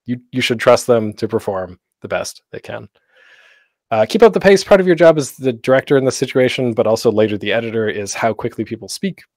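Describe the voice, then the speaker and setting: Male panel host, middle pitch, chatty and loose, close dry sound. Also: lively intonation, a little fast, darkish tone, dry recording. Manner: chatty, with many fillers. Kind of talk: casual live-streamed workshop talk.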